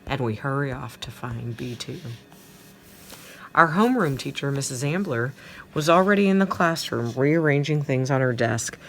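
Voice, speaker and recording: A woman's voice: rumbling low, lively intonation, normal speed. A woman reading a children's novel aloud chapter by chapter, as a teacher for her students. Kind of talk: storybook read-aloud.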